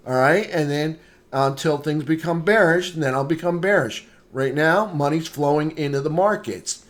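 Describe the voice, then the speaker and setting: A man, a trading instructor, giving a live market analysis lesson, repeating points and checking in with "okay?" often. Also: a little high. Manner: greets viewers by name mid-lesson.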